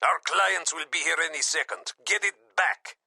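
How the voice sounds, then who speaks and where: Narrator putting on a gravelly, bright, husky Russian boss for an audiobook; curt barked orders. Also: male voice, a little high, moderate pace, dry recording, pitched above the performer's own voice, full character voice. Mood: impatient. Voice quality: gruff, gravelly. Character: gruff impatient Russian crime boss, middle-aged man.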